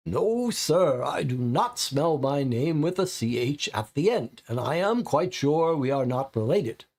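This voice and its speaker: A man's voice: on the high side, very animated, unhurried, a little mellow, heavily acted. A man putting on a haughty, stiff butler. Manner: formal, coldly polite, easily offended. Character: stiff, haughty older male English butler.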